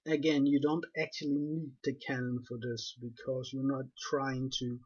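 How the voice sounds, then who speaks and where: A man's voice: mid-range voice, husky. Man with a non-native English accent. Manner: methodical, step-by-step explaining. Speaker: game guide narrator. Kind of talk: commentated game walkthrough. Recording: dull lo-fi recording.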